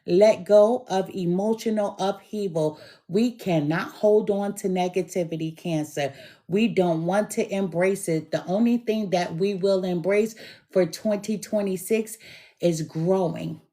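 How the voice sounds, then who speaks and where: A middle-aged woman reads tarot cards at an unhurried, drawn-out pace. Her voice is hoarse with a lingering chest cold, and she leans into each word with emphatic encouragement. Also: medium pitch, mellow. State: hoarse from bronchitis, coughing. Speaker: tarot reader. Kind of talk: tarot reading.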